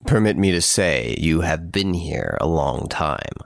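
A man's voice: a bass voice, lively intonation, a little slow, creaky, dry recording, clean studio sound, full character voice. A man voicing a blunt, incredulous police detective sparring with a clever prisoner. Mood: dry, grudging. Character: gruff, baffled middle-aged police detective, male.

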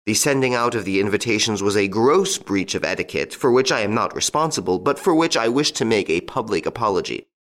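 Man voicing a suave mocking gentleman thief. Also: lowish voice, expressive, fairly quick, hardly any pauses. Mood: mock-polite.

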